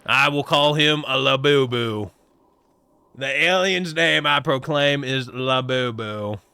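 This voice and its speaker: A man's voice: medium pitch, takes it slowly, gravelly, pushed and bright, clean tone, no echo. A man livestreaming a game, chatting and joking with his viewers in a put-on cowboy drawl. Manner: joking, teasing the chat. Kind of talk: casual live-stream chat while gaming.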